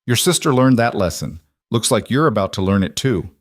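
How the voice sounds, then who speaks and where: A man's voice: fairly low pitch, animated, fairly quick, no echo, clean studio sound, natural voice. A man doing Jack, a cold bitter gunman. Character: cold treacherous male ranch hand gunman.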